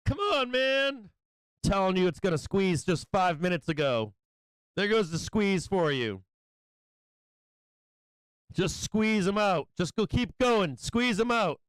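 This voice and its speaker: A man hosting a live stock market stream, calling prices in an excitable, hyped way and chuckling often. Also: sits high, unhurried, pauses often, clear, resonant tone, no echo, poor audio. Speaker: stock market livestream host. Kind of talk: live trading commentary.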